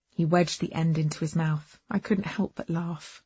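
A woman's voice: sits low, steady tone, normal speed, dark tone, slightly rough. A woman narrating a first-person novel in an intimate, wry storytelling manner. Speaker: audiobook narrator. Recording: dull, dry lo-fi recording.

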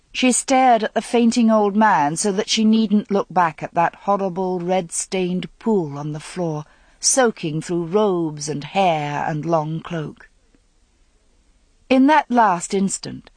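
A narrator reading a dramatic story aloud in a measured manner. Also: mid-range voice, a little mellow, dry recording. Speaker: audiobook narrator.

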